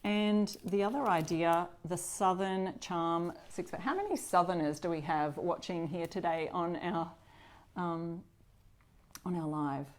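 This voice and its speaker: A middle-aged Australian woman runs a live crafting demonstration for her upcycling channel, chatting with viewers and greeting them as they join. Her voice is lowish and her pace measured.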